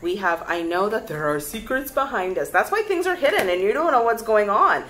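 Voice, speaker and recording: Lively chatty woman reading tarot cards. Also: medium pitch, a little fast, a little hiss or hum, poor audio. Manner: chatty, lively, addresses viewers as "guys". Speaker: tarot reader. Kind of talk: casual tarot reading to camera.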